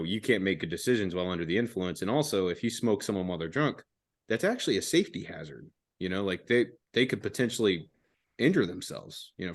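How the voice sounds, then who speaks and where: A young man hosting a podcast, telling a story casually with lots of swearing and slang. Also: deep voice. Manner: laid-back, profane, laughs often, fillers like "dude" and "man". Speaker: podcast host.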